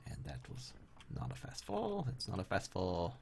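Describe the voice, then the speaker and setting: Low gravelly young man streaming a game. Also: huge pitch swings, moderate pace, a little hiss or hum. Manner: chatty, wry, talks to chat viewers. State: tired. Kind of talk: casual live-stream commentary while playing. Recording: faint background game music.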